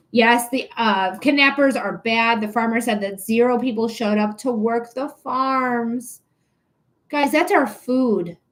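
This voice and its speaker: A young woman hosting a paid livestream reading, talking in a fairly high voice. She rants emphatically, repeats herself for effect and swears freely. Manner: emphatic, repetitive, profane ranting. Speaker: livestream tarot reader. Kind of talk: casual livestream chat.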